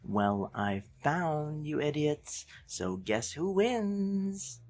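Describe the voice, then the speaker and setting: A performer playing a seeker who catches two hiders, loud and mocking. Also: medium pitch, very animated, very slow, heavily acted. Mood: gloating.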